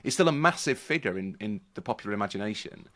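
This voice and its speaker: A man's voice: fairly low pitch, lively intonation, fast talker, pushed and bright. A man in a casual panel chat, thinking aloud with many restarts. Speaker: podcast panelist.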